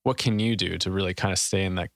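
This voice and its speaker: A man hosting a podcast, talking in a relaxed, rambling way with many fillers. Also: low-pitched, quick pace, gravelly, no echo, clean studio sound. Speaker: podcast host. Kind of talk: interview conversation.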